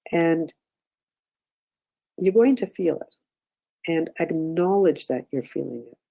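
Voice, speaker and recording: Gravelly-voiced woman teaching a workshop. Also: low-pitched, rough recording. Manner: conversational, checks in often with "okay?"; gentle, instructive guidance. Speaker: workshop instructor.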